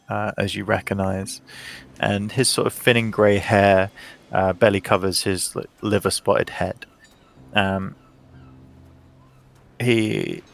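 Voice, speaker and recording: A man narrating a tabletop game as game master, describing scenes slowly with many ums and uhs. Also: lowish voice, gravelly, fairly bright tone.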